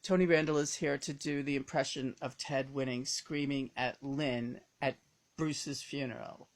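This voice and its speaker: A woman's voice: steady tone, normal speed. A woman channeling the spirit of a dead uncle, gossipy and crude with casual swearing. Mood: amused. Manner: gossipy, swearing, low-key. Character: deceased uncle's spirit, older man, chatty and crude.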